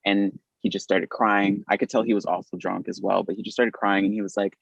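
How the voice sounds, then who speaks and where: A man with a lowish voice, from Philadelphia, tells a rowdy story as a podcast guest, cursing freely and leaping way up in pitch whenever he acts out what people said. The sound is dry and a little dull, with no room around it. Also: fairly quick, gravelly, hardly any pauses, breathy edge, no room sound. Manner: animated, swearing, acts out quotes with big pitch jumps. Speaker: podcast guest, drag performer. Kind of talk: casual storytelling.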